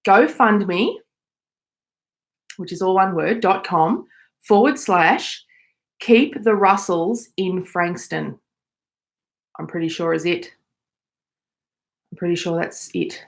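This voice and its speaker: Female podcast host, Australian accent, relaxed live-chat delivery from home. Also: on the low side, takes it slowly, creaky, long pauses. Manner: chatty, reads out viewer messages.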